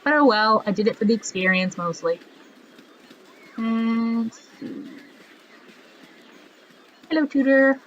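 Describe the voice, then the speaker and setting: A woman's voice: fairly high pitch, animated, takes it slowly, pauses often, slight background noise. A woman giving casual gameplay commentary, chatty and jokey, laughing often as she plays. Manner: chatty, laughs often, jokes about the game. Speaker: let's play gamer. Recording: slightly muffled lo-fi audio.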